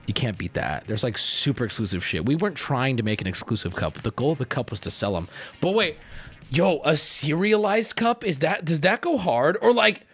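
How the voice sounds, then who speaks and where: A man chatting live to his stream audience. He talks a touch higher than most men, and his pitch jumps all over the place. His delivery is loose, rambling and full of swearing. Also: moderate pace, husky. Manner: animated, profane, rambling. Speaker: streamer host. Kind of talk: casual livestream chat.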